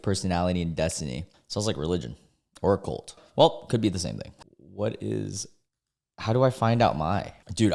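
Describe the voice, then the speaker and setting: A man's voice: low-pitched, darkish tone. A man in his twenties from the United States, reading dating app posts aloud and reacting in a casual, amused way, laughing often and trailing off mid-thought. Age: 20s.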